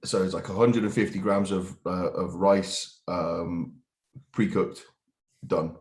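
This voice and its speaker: A man's voice: low voice, fairly even intonation, slow pace. Laughing, sweary man in an echoey room. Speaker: podcast co-host and bodybuilding competitor. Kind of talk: casual podcast chat. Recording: roomy echo.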